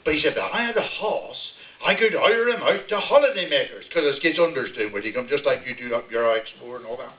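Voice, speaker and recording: A man's voice: medium pitch, animated, a little fast, few pauses. An older man with a broad West Country accent, telling a humorous rural story with chuckles to a live audience. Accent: West Country English. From Devon, England. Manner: broad rural yarn-spinning, chuckling as he tells it. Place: village hall, live audience. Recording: echoey hall, distant mic, dull sound.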